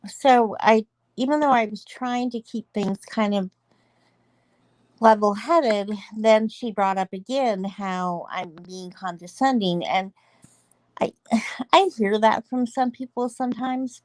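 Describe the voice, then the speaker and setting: A woman's voice: on the high side, unhurried, darkish tone, no room sound. Earnest woman venting in casual chat. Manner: earnest, emotional, laughs between points. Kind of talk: casual chat about online drama.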